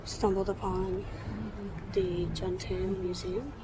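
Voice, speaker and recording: Woman in her thirties, walking vlog, earnest and rambling, mid pitch, traffic and construction noise behind. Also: little pitch movement. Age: 30s. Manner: earnest, rambling with frequent pauses. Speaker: vlogger. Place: outdoors on a city street with construction nearby.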